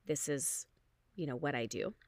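A hungover woman telling a story in a casual way, animated, and she acts out the people she quotes with big jumps in pitch. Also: normal speed, no room sound, clean studio sound. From Canada.

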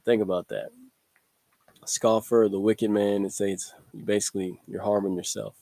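Guy with a lowish voice doing a laid-back faith podcast, dry close mic, chuckles a lot. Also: normal speed, gravelly, dry recording. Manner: relaxed and conversational, chuckles often, reads scripture aloud. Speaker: podcast host. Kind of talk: casual devotional podcast talk.

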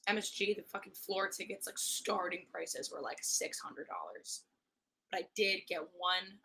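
A young woman hosting a casual solo podcast, her voice hoarse and worn, chatty and swearing often with mock-aggressive rants. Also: medium pitch, bright, forceful tone, a little hiss or hum, poor audio. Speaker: podcast host.

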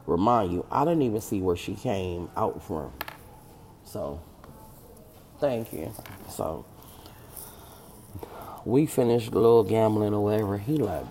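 Casting: man, gravelly, dark tone, blunt and profane storyteller who acts out quotes. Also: on the low side, expressive, a little slow, pauses often, a little hiss or hum. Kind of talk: casual storytime.

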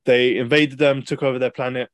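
With a mid-range voice and a fairly quick pace, this young podcast host rambles through lengthy stories in casual conversation. He is animated, with many fillers and restarts, and there's no echo.

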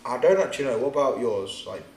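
A man's voice: mid-range voice, lively intonation, fast, darkish tone. A man co-hosting a podcast at home, bantering loosely with lots of fillers. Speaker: podcast co-host. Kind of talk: casual chat. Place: living room of a home. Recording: roomy home recording with faint hiss.

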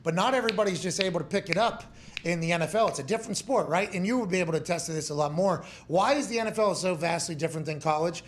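A man's voice: sits high, racing, a little hiss or hum. A man in his thirties, a former punter who hosts a sports talk show, telling stories in a heated, profane, joking way. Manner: profane, heated storytelling that slips into mocking voices.

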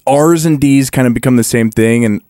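A man's voice: medium pitch, brisk, mellow, no room sound, studio quality. Rambling, explaining podcast man. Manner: explains at length, trailing off and restarting. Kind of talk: casual banter.

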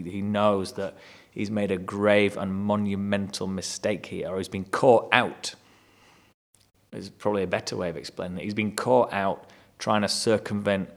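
A man teaching through a Bible chapter, reading verses aloud and explaining them in a conversational way. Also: fairly low pitch. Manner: conversational, rereads verses with rising emphasis.

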